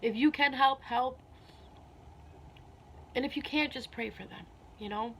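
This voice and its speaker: Woman vlogger, fairly high voice, earnest and heartfelt, slightly emotional, faint background hiss. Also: measured pace, creaky, fairly bright tone. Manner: earnest, repeats herself, many "you know"s. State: a little emotional. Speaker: spiritual vlogger. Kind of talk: casual heartfelt talk to camera.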